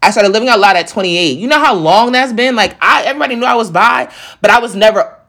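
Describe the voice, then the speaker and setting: A woman's voice: on the high side, quick pace, fairly bright tone. A thirty-year-old woman in casual chat, talking in a blunt, profane and emphatic way.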